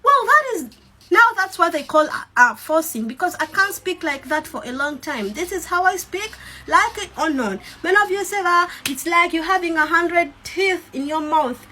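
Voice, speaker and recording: High, bright-voiced defiant Ugandan woman. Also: animated, moderate pace, hardly any pauses, a little hiss or hum. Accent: Ugandan English. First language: Luganda. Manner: defiant, emphatic, repetitive. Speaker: social media creator. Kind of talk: defiant rant to followers.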